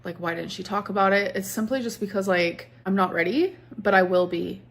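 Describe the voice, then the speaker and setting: A woman vlogger chatting casually to her viewers, her phrases curling upward at the end. Her voice sits at an ordinary, middle pitch for a woman. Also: fairly quick, gravelly. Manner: upward inflection at ends of phrases. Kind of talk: casual vlog.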